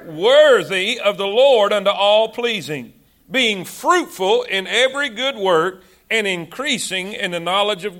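A man preaches to his congregation, leaning on repeated phrases and calling for amens. His voice sits high and bright. He takes his time, letting each word land slowly. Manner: emphatic preaching with repeated phrases and call-and-response. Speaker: pastor. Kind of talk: sermon.

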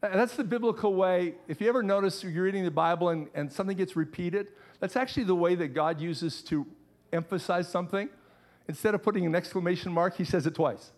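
A man's voice: sits high, brisk. Earnest man preaching a sermon. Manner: earnest preaching with repeated phrases. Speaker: pastor.

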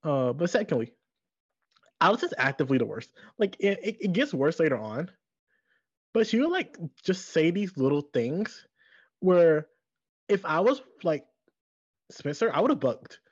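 Brief: sassy co-host, husky voice, very animated delivery, dull lo-fi mic. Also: mid-range voice, moderate pace, long pauses, no echo. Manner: laughs often, sassy and blunt. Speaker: podcast co-host. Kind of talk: casual recap chat.

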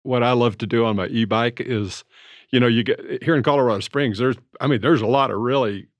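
A man in his seventies telling stories in a relaxed, reflective conversation as co-host. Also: medium pitch, fairly quick, no room sound. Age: 70s. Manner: storytelling, reflective. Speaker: podcast co-host. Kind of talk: casual conversation. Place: Colorado.

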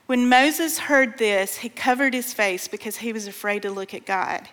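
A woman's voice: a little high, fairly even intonation, moderate pace, few pauses, a bit bright. A woman giving a sermon at a women's conference, speaking in a folksy way, calling the crowd "y'all" and reading scripture aloud with feeling. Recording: long hall reverb.

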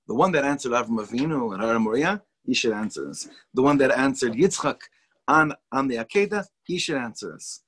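A man's voice: medium pitch, lively intonation, fairly quick, a bit bright, slightly rough. A man teaching a Torah class to students, talking in an enthusiastic, chatty way and mixing in Hebrew and Yiddish words.

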